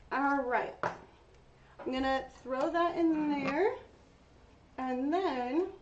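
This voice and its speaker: A woman hosting a casual painting tutorial, chatting to her viewers while she works. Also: sits high. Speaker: craft tutorial host. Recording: dull lo-fi sound with faint noise.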